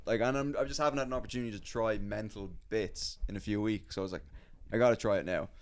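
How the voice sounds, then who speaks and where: A man's voice: on the low side, quick pace. Rambling man in casual podcast chat. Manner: rambling, acts out quoted voices, swears freely. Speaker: podcast host and comedian.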